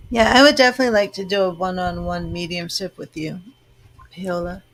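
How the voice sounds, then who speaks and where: A woman's voice: fairly low pitch, fairly even intonation, fairly quick, a bit bright. Woman psychic, live-stream host, reassuring and conversational. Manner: reassuring, chatty, answers viewer comments. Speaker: psychic reader. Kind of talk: live-stream tarot reading.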